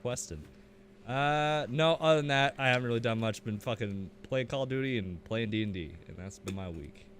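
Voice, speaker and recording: A man's voice: medium pitch, moderate pace, a bit bright, a little hiss or hum. A young man guesting on a casual gaming podcast, blunt and swearing casually.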